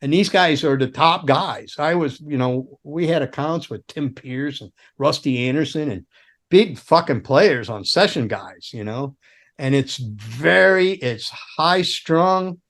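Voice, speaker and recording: A middle-aged man, a former roadie and guitar tech, telling long rambling stories in casual chat, swearing often and laughing along, jumping into sudden high voices to act out the people in them. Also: animated, measured pace, fairly bright tone. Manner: rambling, profane, laughs through his stories.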